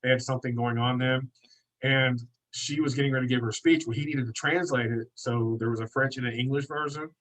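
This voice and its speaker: An American man talking as a podcast guest, rattling his words off quickly. His pitch sits in an ordinary middle range. He tells lively, friendly anecdotes in casual chat. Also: poor audio. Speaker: podcast guest, detailing business owner.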